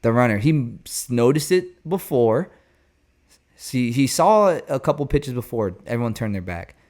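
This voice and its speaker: Male baseball show host, casual and rambling, animated and jokey. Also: mid-range voice, unhurried.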